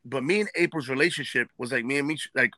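Brooklyn guy with a new york accent, bright forceful voice, dry close sound, swears a lot telling stories. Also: mid-range voice, fast talker, dry recording. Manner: animated, swears freely, acts out quoted dialogue. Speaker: podcast co-host. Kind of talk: casual chat, storytelling.

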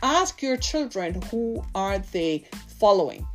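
A woman's voice: mid-range voice, big pitch swings, slow, soft background music. A woman in her fifties preaching a sermon, impassioned and full of rhetorical questions to her listeners. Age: 50s.

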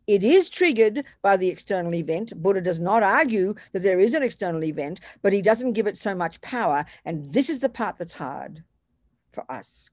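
A woman teaching Buddhist ideas in a conversational dharma talk, animated and self-deprecating, slipping into other people's voices to make her points. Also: lowish voice, no echo, clean studio sound. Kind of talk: dharma talk to a retreat group.

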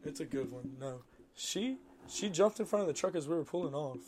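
A man's voice: a little high, fairly quick, crowd noise. A young man, from the Florida Panhandle, telling brash, profane stories as a podcast guest. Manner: brash, profane, animated storyteller. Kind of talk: casual podcast chat.

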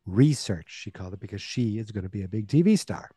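A man's voice: on the low side, expressive, fast talker, dark tone, breathy edge, no room sound, faint music behind. A man in his forties, a podcast host casually retelling a movie plot with wry asides.

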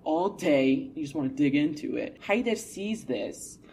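A young adult woman co-hosting a casual chat show, telling stories in an animated, laughing, dramatic way. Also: low-pitched, unhurried, creaky. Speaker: co-host.

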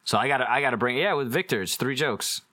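A male comedian, a guest on a podcast, in quick, agreeable, profane casual chat. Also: medium pitch, lively intonation, sharp tone.

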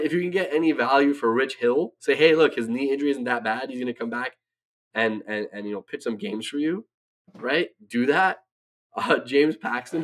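Man, sports podcast co-host, brash, profane, ranting, casual chat. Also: medium pitch.

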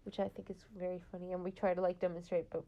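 A woman's voice: fairly low pitch, little pitch movement, fast talker, dull audio. A teenage girl, hosting her own podcast in a rambling, casual chat full of fillers. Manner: rambling, chatty, lots of "like" fillers. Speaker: podcast host. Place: home, late at night.

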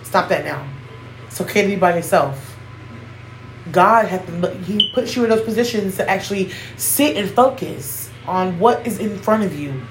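A woman's voice: mid-range voice, expressive. A woman in her thirties hosting a podcast, giving an emphatic, heartfelt unscripted talk that calls out to her listeners and at times nears tears. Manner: emphatic, preachy, calling out to listeners; speaks slowly, near tears at times. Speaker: podcast host. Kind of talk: heartfelt spontaneous monologue. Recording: echoey room, faint background noise.

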